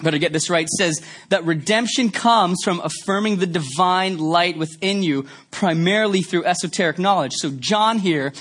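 A man's voice: sits high, normal speed, hardly any pauses, fairly bright tone. A man from Canada giving a conversational sermon in a church, telling stories with many fillers. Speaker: pastor. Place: church sanctuary.

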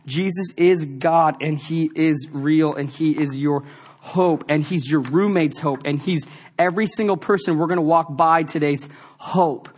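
A male pastor with a fairly high voice preaches a little slowly, emphatic and repeating lines for effect. Then he slips into a confiding personal story.

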